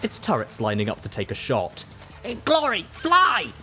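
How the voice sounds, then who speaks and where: A man narrating a first-person story as an audiobook reader, steady and measured. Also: on the low side.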